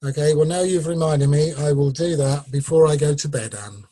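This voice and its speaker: Husky man chatting on a group call. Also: on the high side, moderate pace, warm tone. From England. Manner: joking, teasing. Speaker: meeting participant. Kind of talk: casual group call chat.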